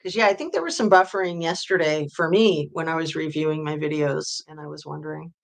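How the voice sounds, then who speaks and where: A woman's voice: deep voice, fast talker, creaky. Chatty woman host reading live chat. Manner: chatty, reads viewer comments aloud and answers them; voice often drops off quietly at phrase ends. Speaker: true-crime livestream host. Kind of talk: casual livestream chat.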